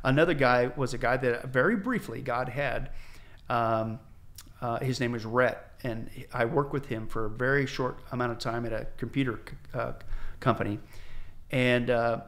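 A male pastor from the United States, guest on a podcast, telling his conversion story in an animated way, acting out the voices of people he quotes, with frequent restarts. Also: mid-range voice, moderate pace. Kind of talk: candid testimony storytelling. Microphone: podcast microphone.

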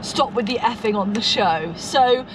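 A woman's voice: on the high side, unhurried, far from the mic, noisy background. A woman co-hosting a casual podcast, bubbly and teasing, laughing often, recorded in a car. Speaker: podcast co-host. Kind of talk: casual chat.

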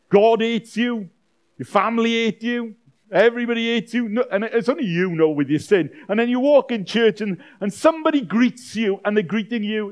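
A man preaching a sermon as a pastor, swinging from loud dramatic outbursts to quiet, intimate lines. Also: sits high. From Wales. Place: church weekend-away gathering.

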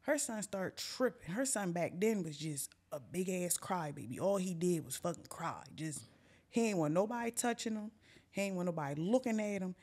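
A woman's voice: lowish voice, moderate pace. A young woman hosting a podcast, telling a funny story in a casual, profane way and acting out the other people's voices. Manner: animated and profane, acts out voices. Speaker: podcast host.

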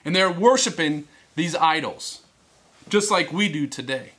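Man, youth sermon, high voice, bright and forceful, animated storytelling. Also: measured pace. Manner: animated, acts out characters, teasing. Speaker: youth speaker. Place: church hall.

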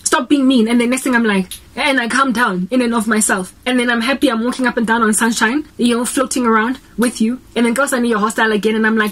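A woman's voice: on the high side, steady tone, fast talker, fairly bright tone. A young South African woman with a South African accent, preaching earnestly in a casual vlog and switching between English and Sesotho as she talks. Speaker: Christian vlogger.

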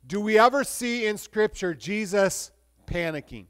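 A male pastor preaching a sermon in a conversational way, with restarts, moving between lively and hushed delivery. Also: high voice, measured pace, smooth.

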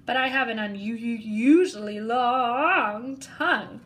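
A big, scruffy boy monster who slobbers over his words, as a woman reads him. He stammers and whines, and the voice is pitched high and bounces around. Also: lively intonation, a little slow, bright, forceful tone. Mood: slurping. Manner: slurping, whiny, stammering.

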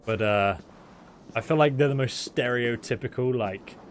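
A man's voice: medium pitch, normal speed, a little hiss or hum. A man giving casual, jokey, sarcastic commentary while playing a video game. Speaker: gameplay commentator. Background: game music and sounds.

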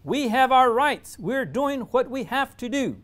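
A man's voice: high-pitched, sing-song, a little fast, voice pushed up. A man voicing Lupe, a twelve-year-old boy who has lied and now pleads for forgiveness in an earnest storybook reading. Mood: defiant.

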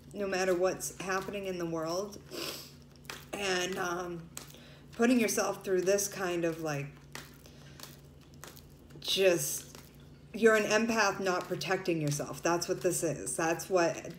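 A woman talks her way through a tarot reading in a loose, chatty, emotional manner, with tears in her voice at times. Her voice carries an echo from the room. A faint hiss sits under it. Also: medium pitch. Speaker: tarot reader. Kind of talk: casual tarot reading to viewers.

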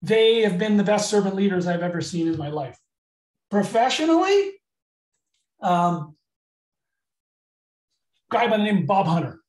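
A man runs a leadership webinar over a video call, talking in a candid, energetic way. His voice sounds roomy and sits back from the mic. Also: sits high, unhurried, long pauses, distant mic. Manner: energetic, candid, gets emotional. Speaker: leadership trainer. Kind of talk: live webinar training.

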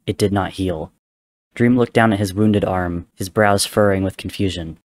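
A man giving a dramatic reading of a story, narrating in a steady, grave storytelling manner. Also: low-pitched, normal speed. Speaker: reader. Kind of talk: dramatic reading of fan fiction.

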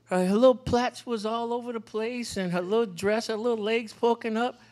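A man speaking as a panel guest, telling animated stories about fatherhood and repeating phrases for emphasis. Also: extremely high pitch, moderate pace. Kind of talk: personal storytelling in a community panel.

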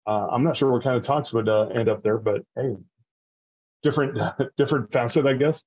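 A man's voice: medium pitch, a little fast, highs cut off. A man co-hosting a casual podcast chat, running through event dates with lots of fillers and small laughs. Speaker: podcast co-host.

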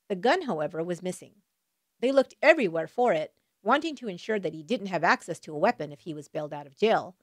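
A woman's voice: fairly low pitch, dry recording, clean studio sound. A woman hosting a true crime podcast, reading a scripted account with wry asides thrown in. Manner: wry asides between dramatic retelling.

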